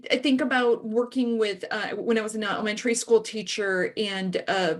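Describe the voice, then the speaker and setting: A woman's voice: medium pitch, fairly even intonation, moderate pace, few pauses. A woman speaking candidly as a panelist in a panel discussion, telling stories and shifting into voices for the people she quotes. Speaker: panelist and author.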